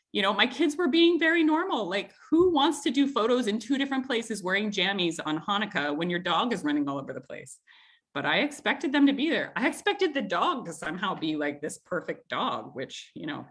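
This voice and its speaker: A woman in her thirties hosting a community group, telling a family story in a chatty, animated way, with frequent laughs and filler words. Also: medium pitch, a little fast. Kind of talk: casual storytelling in an online group talk.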